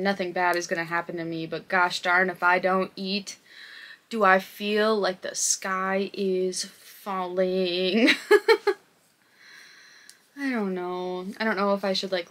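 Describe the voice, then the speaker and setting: A woman's voice: medium pitch, a bit bright. Young woman, casual crochet vlogger at home, rambling and self-deprecating, mid-range voice. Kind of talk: casual vlog chat.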